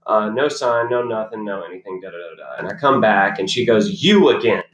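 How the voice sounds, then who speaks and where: A man's voice: fairly low pitch, a little fast, fairly bright tone, dull audio. A man, a professional golfer on a podcast as the guest, telling long casual stories with lots of fillers and restarts. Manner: rambling anecdotes with many fillers and restarts. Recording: roomy echo.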